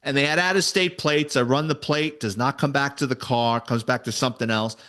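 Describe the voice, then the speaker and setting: A man, a retired detective and author, telling stories in a casual interview, animated and salty. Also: medium pitch, fairly quick. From New York City. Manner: animated storyteller, voices quoted people, swears casually.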